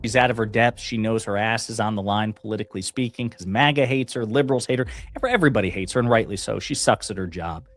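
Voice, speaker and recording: A man's voice: lowish voice, quick pace, hardly any pauses, faint music behind. A man co-hosting a stream, setting up clips with dry, cutting commentary. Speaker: co-host introducing clips. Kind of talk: casual political commentary.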